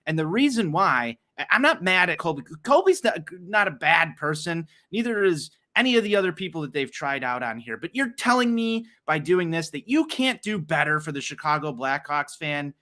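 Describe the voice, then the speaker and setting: A man's voice: fairly high pitch, very animated, normal speed, hardly any pauses, bright, forceful tone. A man co-hosting a sports podcast, ranting passionately and heatedly, swearing freely and restarting his sentences as he goes. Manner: long run-on rants with repeated restarts. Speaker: podcast co-host. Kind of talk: casual sports talk rant.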